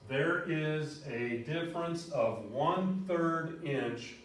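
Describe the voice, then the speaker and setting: A middle-aged man teaching a college algebra lecture, animated and telling stories, shouting out key words now and then. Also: fairly high pitch, slow pace, heavy background noise. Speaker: college math instructor. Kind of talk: recorded math lecture. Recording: very echoey room, voice from far off.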